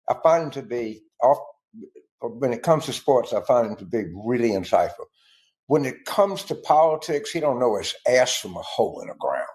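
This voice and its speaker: A man's voice: medium pitch, darkish tone. A man speaking as a political strategist, blunt and profane with a folksy manner. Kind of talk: blunt clip commentary.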